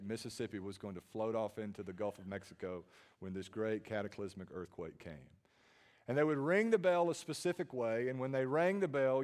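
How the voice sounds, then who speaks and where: A man, preaching a sermon with dynamic swings from hushed tones to loud emphasis and frequent repeated words. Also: medium pitch. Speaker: pastor.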